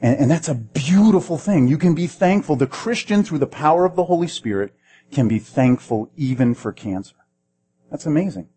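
A man's voice: on the high side, expressive, moderate pace, warm tone. A man preaching a sermon in a conversational way, asking the listeners questions and often repeating words as he restarts. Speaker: pastor.

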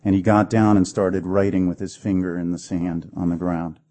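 A man's voice: sits low, little pitch movement, normal speed, warm tone. A man preaching a sermon with dramatic delivery, acting out the voices in the stories he tells. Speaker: pastor.

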